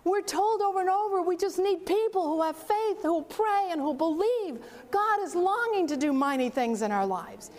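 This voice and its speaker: An older woman preaching, telling a story with lively acted-out dialogue. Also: extremely high pitch, moderate pace, few pauses. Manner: animated storyteller acting out dialogue. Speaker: speaker. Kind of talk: sermon storytelling.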